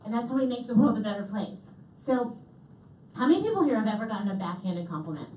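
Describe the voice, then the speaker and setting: Female keynote speaker, slightly high voice, lively delivery, heard from far off in an echoey hall. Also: fast talker, a little hiss or hum. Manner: lively, animated, repeats audience answers. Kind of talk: comedic keynote talk. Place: large hall.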